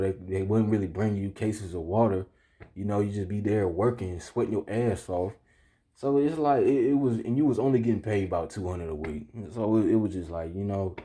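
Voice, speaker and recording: This young man has a low, dark voice and vlogs straight to the camera, casually telling a story in heavy slang. He keeps asking "you feel me" to check in with the listener and gets heated as he relives what happened.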